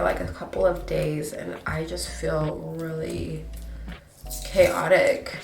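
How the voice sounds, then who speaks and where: A woman's voice: sits low, fairly even intonation, slow pace, vocal fry, echoey room, recorded from a distance, over music. A congested young woman with a stuffy nose, chatting and apologizing her way through a casual get-ready-with-me vlog at home. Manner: chatty, self-deprecating, apologetic. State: breathing hard. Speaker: beauty vlogger.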